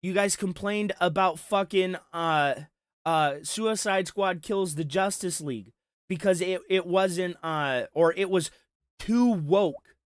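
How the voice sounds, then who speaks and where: Man with a high voice, sarcastic profane rant, dry close sound, reaction commentary. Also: slow pace, clear, resonant tone, no echo. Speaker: commentary streamer.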